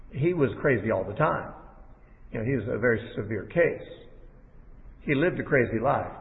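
Man teaching a sermon over tinny audio. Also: medium pitch. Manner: measured, explanatory, with quoted lines read aloud. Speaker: preacher. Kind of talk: sermon-style Bible teaching. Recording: tinny phone-like audio in a large hall.

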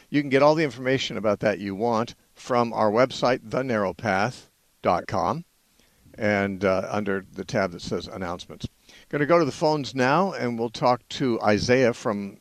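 A man hosts a call-in radio show from a studio microphone, with a lowish voice and a close, dry sound. He rambles a little and hesitates often, filling gaps with "uh.". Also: dry recording. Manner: rambling, hesitant, many uhs. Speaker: radio host.

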